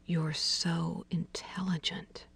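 A woman voicing a stingy, scheming man in a story reading, speaking low and often in a hushed murmur. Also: a little slow, creaky.

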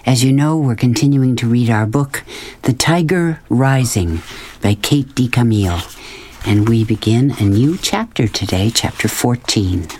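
A woman hosting a children's program, reading a novel aloud with measured, expressive storytelling. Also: rumbling low, slight background noise. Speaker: children's book reader.

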